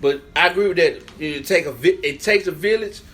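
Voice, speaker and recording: A man's voice: fairly high pitch, fairly quick, fairly bright tone. A middle-aged man, a guest in a casual chat, telling stories with animation and repeating phrases for emphasis.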